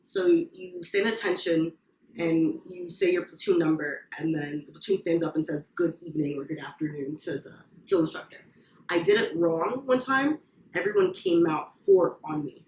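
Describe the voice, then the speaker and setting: A woman's voice: lowish voice, big pitch swings, moderate pace, darkish tone, recorded from a distance, a little hiss or hum. A woman who served as a Marine, chatting casually on a podcast and laughing often while she tells stories. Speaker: former Marine guest. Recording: roomy echo, off-mic, faint ambience.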